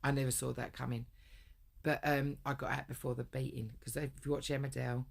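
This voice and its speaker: Woman vlogger, gravelly fry in the voice, rambles and swears through a personal grievance. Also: very deep voice, flat delivery, fairly quick. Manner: rambling, heavy swearing, blunt. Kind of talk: casual storytelling rant.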